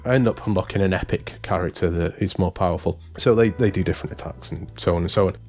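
A man in easy podcast chat, his voice sitting fairly low. He rambles through his points and keeps correcting himself along the way. Faint music plays underneath. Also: fast, darkish tone. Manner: rambling, self-correcting, amused. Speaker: podcast co-host. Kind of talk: casual chat.

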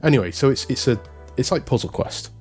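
A man's voice: medium pitch, expressive, a little fast, a little mellow, breathy edge, soft background music. A man co-hosting a podcast, talking in a casual, rambling way and often correcting himself. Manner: rambling, self-correcting, amused. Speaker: podcast co-host. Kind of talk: casual chat.

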